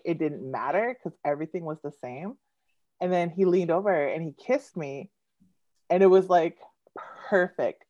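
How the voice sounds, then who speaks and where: A giggly, animated woman in her thirties, a poet guest chatting on a video call. Her voice sits a little low and sounds dull and lo-fi. The room is dry, with no echo. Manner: giggly, animated, laughs often. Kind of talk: casual storytelling chat.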